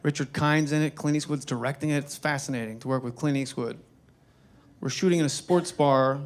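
A man doing stand-up comedy, telling animated, profane, self-mocking stories to a live audience. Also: fairly high pitch, brisk. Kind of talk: stand-up storytelling. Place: stage before a live audience. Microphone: wearing a microphone. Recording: live stand-up with faint crowd.

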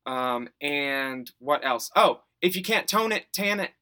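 A man co-hosting a podcast in campy, animated casual chat, quick to laugh and tease. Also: fairly high pitch. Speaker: podcast co-host.

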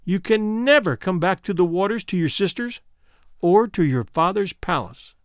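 A scheming old sea witch from a storybook, as a male narrator puts her on, speaking slowly and menacingly. The voice sits high and swings widely in pitch. The sound is close and dry. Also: expressive, smooth, no echo. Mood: warning.

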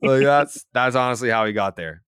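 A man's voice: mid-range voice, fairly quick, a bit bright, clear, resonant tone, dry recording, clean studio sound. A young man co-hosting a sports podcast in casual, rambling, profane banter, often laughing. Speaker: podcast co-host.

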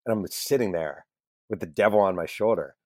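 A man with a very low voice, recorded dry and close with no room sound, tells anecdotes from his career in a chatty interview. He jumps into his stories with energy, laughs at his own mistakes and swears casually. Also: brisk, dry recording. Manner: animated anecdotal storyteller, self-deprecating, swears casually. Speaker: guest journalist and author.

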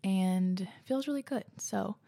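A young woman hosting a casual solo podcast, earnest and gushing, slipping into soft breathy asides, and out of breath. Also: mid-range voice, slow pace. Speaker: podcast host.

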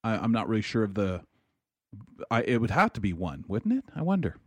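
A man in a casual chat keeps wondering aloud and turns his ideas into small mock scenes. His pitch is lively, and the sound is dry and close. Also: brisk, no echo. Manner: speculative, wonders aloud, acts out little scenes. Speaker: co-host.

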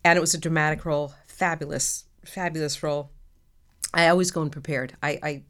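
Middle-aged actress, low voice, animated storyteller who laughs easily. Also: female voice, fairly quick. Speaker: actress guest. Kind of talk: casual interview chat.

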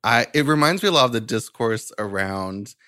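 A podcast guest speaking in a mid-pitched voice, hesitant and laughing, often restarting sentences. The talk is casual and relaxed. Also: moderate pace. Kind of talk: casual chat.

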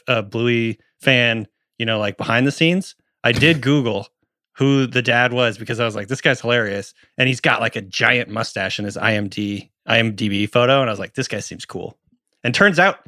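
A man's voice: mid-range voice, bright, forceful tone, no room sound, clean studio sound. A man co-hosting a casual podcast, telling wry stories and laughing along. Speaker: podcast co-host. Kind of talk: casual chat.

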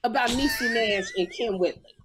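A lively woman in her fifties, her voice fairly high and swinging widely up and down as she tells stories. She hosts a casual talk show and tells them with emotion. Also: normal speed, heavy background noise. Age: 50s. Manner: animated, emotional storyteller. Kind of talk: casual podcast chat.

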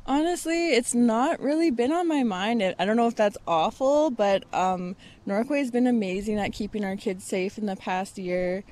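A woman's voice: on the high side, normal speed, few pauses. A woman, a parent, answering interview questions candidly and casually with frequent ums. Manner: relaxed, candid, many ums.

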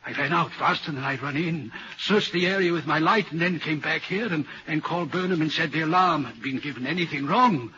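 Speaking briskly with few pauses, a man with a slightly high, sharp voice plays a troubled, uneasy railway signalman. This old 1940s radio drama has him earnestly recounting a ghostly sighting. The dull old recording holds a little hiss or hum.

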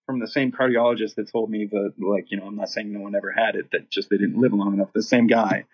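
A man's voice: fairly low pitch, steady tone, quick pace, husky, muffled recording. A man, a band singer, telling a long story in casual chat, rambling and swearing freely.

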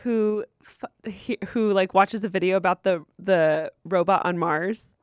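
A young woman co-hosting a podcast, giggly and animated in casual chat. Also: mid-range voice, measured pace, clean tone, no room sound, studio quality. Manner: bubbly, giggly, animated storyteller. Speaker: podcast co-host.

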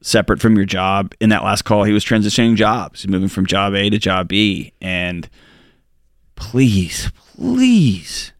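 A man's voice: on the low side, little pitch movement, a little fast, few pauses, fairly bright tone, clean tone, dry recording, clean studio sound. A man co-hosting an advice talk show, earnest and emphatic, with joking banter. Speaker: radio show co-host.

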